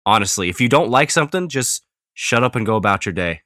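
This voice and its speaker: A man's voice: on the low side, animated, fast talker, pushed and bright, no echo, clean studio sound. A man co-hosting a podcast in casual chat, blunt and jokey in his opinions. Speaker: podcast co-host.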